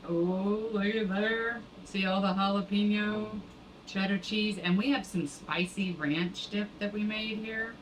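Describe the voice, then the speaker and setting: A woman co-hosting a cooking show, explaining each step in a relaxed, casual way. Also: medium pitch, unhurried, a little hiss or hum, poor audio.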